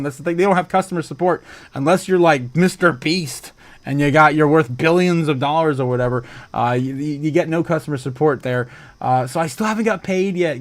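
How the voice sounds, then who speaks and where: Excitable laughing male stream host. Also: on the high side. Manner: excitable, laughs often, exclaims a lot. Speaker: livestream host. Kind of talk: casual livestream chat reading viewer comments.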